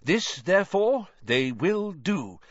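A man voicing a calm, firm old headmaster who speaks in measured tones. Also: sits high, no echo, pitched above the performer's own voice, heavily acted. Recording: dull, slightly lo-fi.

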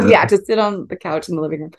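A woman in her thirties chatting casually with her partner. She tells an animated story and laughs often. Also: mid-range voice, brisk, gravelly. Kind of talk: casual conversation.

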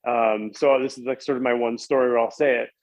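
A man's voice: medium pitch, fairly even intonation, fairly quick, no echo, lo-fi sound. A man casually telling a long story as a podcast guest, rambling with lots of "like" and restarts.

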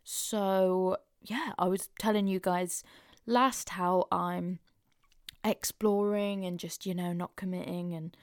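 Frank gravelly-voiced woman podcaster. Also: medium pitch, a little mellow, no room sound, studio quality. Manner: frank and open, chatty with frequent fillers. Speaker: podcast host. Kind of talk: casual confessional chat.

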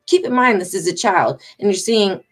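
Mom venting to her followers, fired up, rambly, cussing, mid pitch. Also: lively intonation, normal speed. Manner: agitated, swearing, emphatic and rambling. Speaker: vlogger. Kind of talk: casual storytelling to followers.

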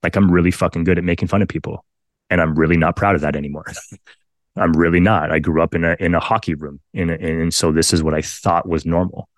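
A man's voice: sits low, steady tone, brisk, no echo, studio quality. A man from Canada, a firefighter in his thirties, telling his story candidly with blunt, profane emphasis and repeated phrases. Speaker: podcast guest, firefighter.

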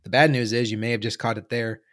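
A man hosts a casual sports podcast while fighting a cold, his voice hoarse and giving out. He keeps the banter playful and hyped anyway. His pitch sits in an ordinary middle range, recorded on a home podcast mic. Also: steady tone, quick pace, fairly bright tone. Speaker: podcast host.

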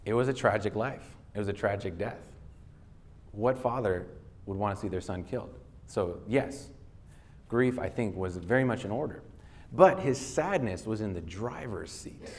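Low-ish guy pastor doing a sermon, chatty retelling of bible stories. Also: moderate pace. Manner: retells scripture casually, then reads verses aloud.

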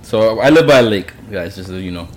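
A man co-hosting a casual podcast, telling a story in a wry, low-key way. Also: expressive, fairly quick. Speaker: podcast co-host. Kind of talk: casual drinking-podcast chat.

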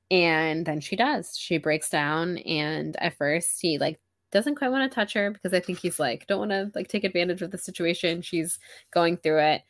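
Her voice is lowish, her speed normal, and the recording has no echo. As co-host of a laid-back book club podcast, she animatedly summarizes chapters, performs the characters' dialogue and laughs a lot.

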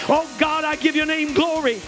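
A man preaching from the pulpit with a very high, ringing voice. He has the congregation repeat his declarations line by line, slowing down and building to shouts of faith. Soft music plays behind him. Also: steady tone. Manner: joking asides to the congregation. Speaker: bishop preaching. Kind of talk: sermon. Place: church sanctuary.

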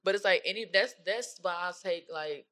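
Young female co-host, relaxed and slangy, storytelling in a casual conversation. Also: fairly low pitch, normal speed. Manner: laid-back slangy storytelling, mimics relatives. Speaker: podcast co-host, pole dancer. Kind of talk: casual chat.

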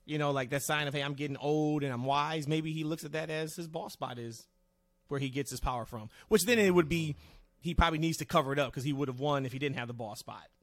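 A man's voice: on the high side, fast talker, no echo. Upbeat male podcast host, dry sound. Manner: animated, steers the talk to co-hosts. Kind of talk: casual chat.

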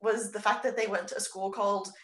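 A woman's voice: medium pitch, steady tone, quick pace, fairly bright tone. A woman co-hosting a casual podcast, talking in an exasperated way with lots of swearing and fillers. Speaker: podcast co-host. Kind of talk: casual chat. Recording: echoey room.

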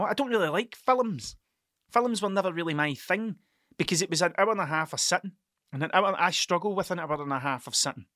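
Sounding sharp and on the high side, a man hosts a podcast with a rambling, casual monologue, swearing freely and tripping over his words as he tells stories. The audio is clean studio sound with no echo.

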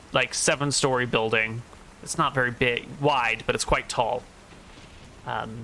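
A man narrating scenes and rules as game master, relaxed and descriptive with frequent fillers. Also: mid-range voice, a little hiss or hum.

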